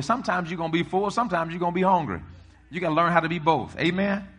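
High, bright-voiced preacher with husky edge. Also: male voice, fairly quick. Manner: call-and-response preaching, rising to shouts. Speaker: pastor. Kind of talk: sermon. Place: church hall before a congregation.

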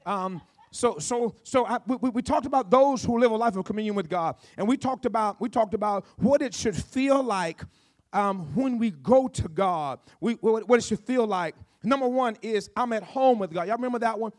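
A man's voice: high-pitched, normal speed. A man preaching a sermon to his congregation, repeating phrases and calling out praise between points. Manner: preaching with call-outs and repetitions. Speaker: pastor.

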